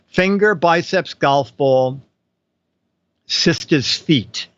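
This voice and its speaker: A man's voice: a little high, drawn-out words, dry recording. A man hosting a casual live-stream chat, laughing often and reading out game show questions. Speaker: host. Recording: dull lo-fi stream audio with faint music.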